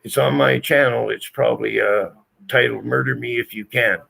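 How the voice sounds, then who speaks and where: A man's voice: mid-range voice, fairly even intonation, moderate pace, gravelly, pushed and bright. A man telling a story to friends in a blunt, profane, emphatic way. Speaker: channel host telling a story. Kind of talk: casual storytelling.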